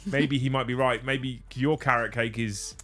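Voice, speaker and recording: A relaxed man hosts a livestream and chats loosely with his co-host. He reads viewer comments aloud and swears casually. Soft music plays faintly underneath. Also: mid-range voice, normal speed. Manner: laid-back, swears freely, reads out chat messages.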